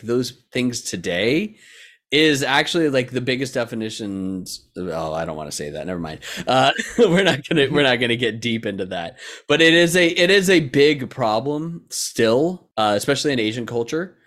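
A man's voice: medium pitch, fairly bright tone. A young man from Texas co-hosting a podcast in casual, rambling chat full of fillers and restarts. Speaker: podcast co-host.

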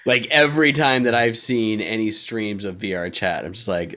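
A man's voice: fairly low pitch, fairly even intonation, moderate pace, fairly bright tone. A young man co-hosting a casual chat, laughing often, swearing freely and acting out what people say. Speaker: podcast co-host.

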